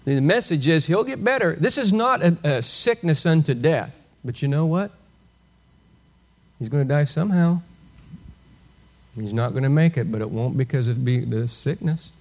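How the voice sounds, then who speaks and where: A man preaching an expository sermon with a fairly high voice. He teaches in an animated way, firing rhetorical questions at his listeners and chuckling now and then. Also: moderate pace, long pauses.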